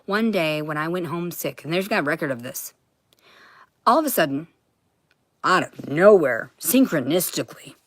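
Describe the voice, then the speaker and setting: Low-voiced woman in a profane rant. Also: animated, normal speed, no room sound. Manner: heated, profane, bursts into shouting. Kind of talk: ranting monologue to camera.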